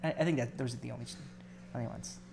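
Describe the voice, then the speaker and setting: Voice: medium pitch, steady tone, fast talker, vocal fry. A co-host in a casual film discussion, thoughtful and hesitant, restarting sentences often. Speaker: podcast co-host.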